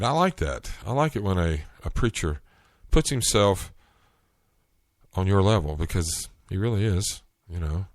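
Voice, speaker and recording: A man with a Southern US accent, from North Carolina, chatting through stories in a loose solo podcast. His voice sits very low, and the recording is dry. He talks in a relaxed way with frequent restarts. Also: no room sound. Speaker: podcast host. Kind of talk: casual solo monologue.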